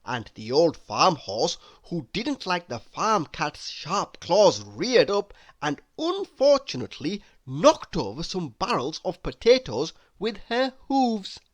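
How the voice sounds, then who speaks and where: A man reading a children's storybook aloud in a slow, very expressive, sing-song way. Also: sits high. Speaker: storybook reader.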